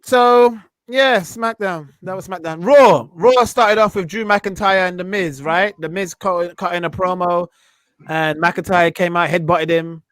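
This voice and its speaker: A man hosting a casual wrestling podcast, animated and laughing easily. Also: sits high, measured pace, clean tone, no echo. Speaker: podcast host.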